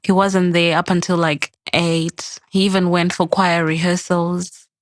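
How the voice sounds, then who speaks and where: Lowish-voiced woman telling a story. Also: a little slow, dry recording. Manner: animated, acts out quoted dialogue. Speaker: podcast guest. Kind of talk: casual storytelling.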